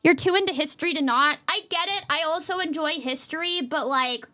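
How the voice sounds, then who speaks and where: A young adult woman streaming as a VTuber, chatting casually and playfully with her chat in quick jokey asides. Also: sits high, bright, forceful tone.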